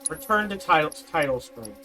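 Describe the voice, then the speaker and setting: A man's voice: a little high, very animated, normal speed, pushed and bright, faint music behind, poor audio. A man in his forties giving casual, rambling gameplay commentary, often restarting and correcting himself. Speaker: let's play host.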